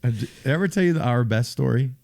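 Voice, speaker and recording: A middle-aged man, a former football player, co-hosting a casual sports podcast and telling animated stories. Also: mid-range voice, fast talker, vocal fry. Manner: animated storyteller, acts out loud shouted quotes. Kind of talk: casual sports chat and storytelling.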